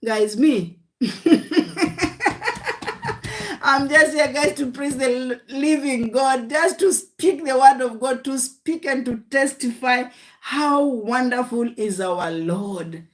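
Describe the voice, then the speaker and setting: Her voice on the high side, a woman takes it slowly as she preaches a livestream sermon. She delivers short, repeated exhortations and declarations of faith, frequently calling her audience "guys."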